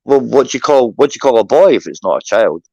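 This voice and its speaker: A man's voice: medium pitch, very animated, quick pace, gravelly, warm tone, dry recording, lo-fi sound. A man from Scotland with a Scottish accent, trading crude, teasing banter on an online call. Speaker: panel guest. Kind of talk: provocative banter.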